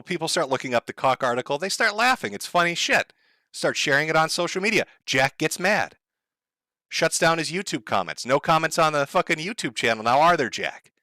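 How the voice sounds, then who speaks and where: A man's voice: medium pitch, pushed and bright, no echo, studio quality. A man giving mocking, profane online commentary, sarcastic and laughing at his own jokes.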